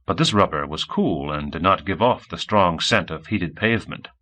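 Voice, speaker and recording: A male audiobook narrator with a bright, clear tone. He reads in a measured storytelling manner, and his pitch moves lively across phrases while sitting a little low. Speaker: audiobook reader.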